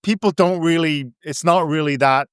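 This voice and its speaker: A man's voice: fairly high pitch, moderate pace, clear, resonant tone, dry recording, clean studio sound. A man, an author chatting as a guest, rambling playfully and acting out little scenes. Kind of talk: casual interview chat.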